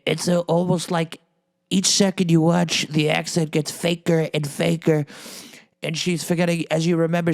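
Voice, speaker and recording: A man's voice: fairly high pitch, gravelly. A man doing a comedic impression of a boastful former president hosting a podcast, rambling and repeating himself.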